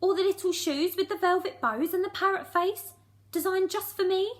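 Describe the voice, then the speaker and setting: A woman's voice: very high voice, normal speed, voice pushed up. A woman voicing a vain, bossy little female fairy with a squealing, gushing way of talking in a children's storybook reading.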